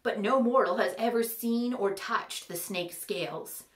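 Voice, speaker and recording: A woman voicing an old king who speaks slowly in a hoarse whisper, reading a storybook. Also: mid-range voice, roomy sound, natural voice. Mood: weary, demanding.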